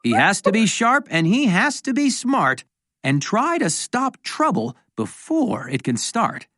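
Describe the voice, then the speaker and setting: A woman's voice: mid-range voice, big pitch swings, measured pace, a bit bright, no echo, clean studio sound. A woman reading a rhyming children's book aloud in a sing-song way, lightly voicing the characters. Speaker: storybook reader. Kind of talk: children's read-aloud narration.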